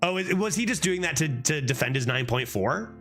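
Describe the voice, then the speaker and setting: A fairly high-voiced man commenting on his own card game while streaming, his pitch swinging widely as he reacts. He talks casually, swears freely and bursts into laughter. Soft music plays faintly behind him. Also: a little fast. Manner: animated, swears often, frequent laughing outbursts.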